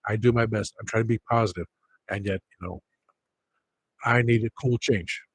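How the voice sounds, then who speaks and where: A man with a low, husky voice talks casually on a livestream. He rambles from one thought to the next and keeps grumbling about other people. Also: fairly even intonation, moderate pace, dry recording, poor audio.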